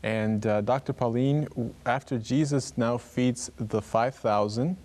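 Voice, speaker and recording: A man's voice: medium pitch, unhurried, darkish tone. A man hosting a talk program, who introduces his guest and reads scripture aloud plainly. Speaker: program host. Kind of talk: interview host.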